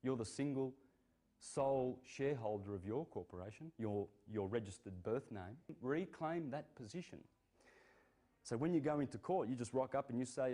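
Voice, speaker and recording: A man's voice: mid-range voice, lively intonation, normal speed, dark tone. A man speaking casually and emphatically, rising to indignant bursts. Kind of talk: casual speech.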